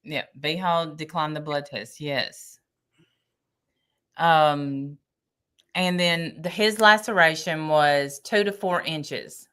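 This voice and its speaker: A woman recaps courtroom testimony from her notes in a casual podcast chat, wry and chatty. Her voice is on the low side for a woman, with a bright, forward tone. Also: slow, clean tone. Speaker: podcast co-host.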